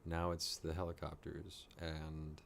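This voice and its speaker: A man giving rambling, excitable live reaction commentary, swearing and laughing often. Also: very deep voice, takes it slowly, vocal fry, a little hiss or hum. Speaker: reaction streamer.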